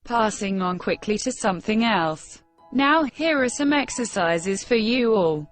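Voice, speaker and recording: A woman reading an English textbook lesson aloud, in a measured dictation manner for learners. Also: a little high, lively intonation, soft background music. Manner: measured, careful dictation pace.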